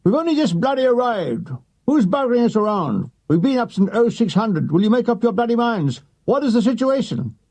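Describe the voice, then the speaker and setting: A man's voice: high-pitched, very animated, normal speed, slightly rough, full character voice. A man reading a memoir voices a blustering, boozy British army major who barks and sounds pompous. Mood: furious. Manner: loud, pompous, barking.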